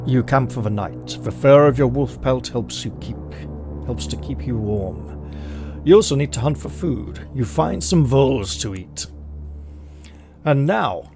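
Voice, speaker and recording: Man, unhurried gamebook narration, deliberate, dramatic, music underneath. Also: medium pitch, darkish tone. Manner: measured, deliberate, dramatic reading. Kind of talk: reading aloud and commenting on a solo gamebook.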